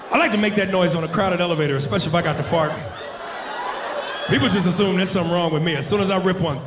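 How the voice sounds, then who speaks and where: Male stand-up comic, high voice, loud, animated, profane; echoey club room. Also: racing, background noise. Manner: loud, animated, bursts into shouted grunting noises; profane, punchy delivery with crowd address. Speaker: stand-up comedian. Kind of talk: stand-up comedy set. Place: comedy club stage. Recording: echoey club with audience ambience.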